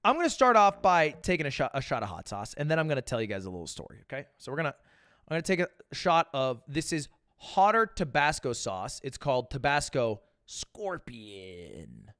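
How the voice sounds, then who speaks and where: A man's voice: medium pitch, sing-song, normal speed, fairly bright tone, no echo, studio quality. A man streaming live, answering viewer questions in loose, profane chat full of stammered restarts.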